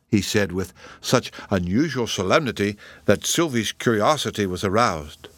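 A man reading a storybook aloud as narrator in an expressive, measured way. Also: on the low side, dry recording.

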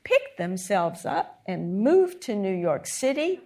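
A woman's voice: medium pitch, slow pace. A woman historian on a panel, telling stories about past first ladies with laughing asides. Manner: animated storytelling, laughing asides. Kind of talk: panel discussion before an audience.

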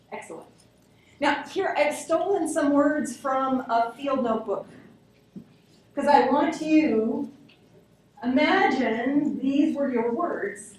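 A woman's voice: on the high side, a little mellow, a little hiss or hum. A woman teaching a linguistics class, explaining ideas and answering student questions. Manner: explanatory, answers questions, repeats examples aloud. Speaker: linguistics instructor. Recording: echoey classroom captured from a distance.

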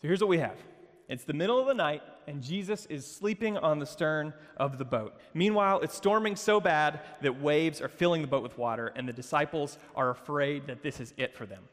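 A man preaches at campus worship in a slightly higher voice. He tells the story with playful asides and moves between hushed moments and emphatic peaks. The long reverb of a large hall trails after his words. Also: fairly quick. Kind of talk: sermon.

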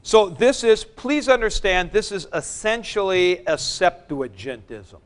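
Male Greek teacher, slow and patient lecture, high clear voice. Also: lively intonation. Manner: explains patiently, repeats points, recites word forms. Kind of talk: classroom lecture.

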